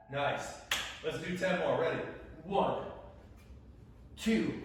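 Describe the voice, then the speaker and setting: A young man teaching an energetic class, counting reps aloud and checking in with "all right?" throughout. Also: a little high, slow pace, pauses often, far from the mic. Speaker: PE teacher leading a workout and recipe. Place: indoors, gym then home kitchen. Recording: very echoey room, voice a bit off-mic.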